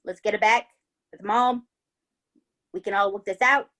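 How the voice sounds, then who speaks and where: A woman's voice: medium pitch, fairly even intonation, normal speed, lightly acted. Woman putting on a chill Australian bloke. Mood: calm persuasion. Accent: put-on Australian. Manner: easygoing, reasoning gently. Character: calm 25-year-old Australian man, very chill.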